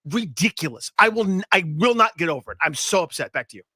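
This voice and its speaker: A man's voice: high-pitched, big pitch swings, fast talker, bright, forceful tone, breathy edge, dry recording, studio quality. A man co-hosting sports talk radio, ranting in a heated, mock-dramatic way.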